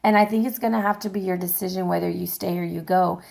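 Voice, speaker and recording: A woman's voice: lowish voice, fairly even intonation, fast, vocal fry, darkish tone. Chatty woman reading tarot. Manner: chatty, addresses viewers directly, frequent fillers and laughs. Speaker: tarot reader. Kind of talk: casual tarot reading to viewers.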